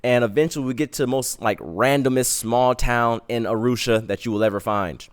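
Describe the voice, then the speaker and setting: A young man hosting a podcast, telling a comic personal story in casual, slangy, animated talk. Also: mid-range voice, fairly quick, smooth. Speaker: podcast host.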